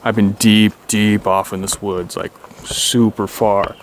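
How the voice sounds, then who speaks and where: A man vlogging as he walks through the forest, telling a rambling story and now and then talking to his dog in a higher voice. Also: little pitch movement, slow pace, slight background noise. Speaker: outdoor vlogger. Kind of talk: casual walking narration. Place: forest outdoors. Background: faint outdoor nature sounds, birds.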